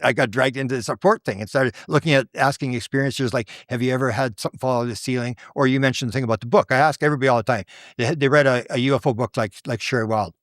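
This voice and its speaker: A man's voice: medium pitch, fast, few pauses, dry recording, studio quality. An older man, a guest researcher, telling stories in a casual chat and acting out the people he quotes. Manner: animated, acts out the voices in his stories. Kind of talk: casual conversational storytelling.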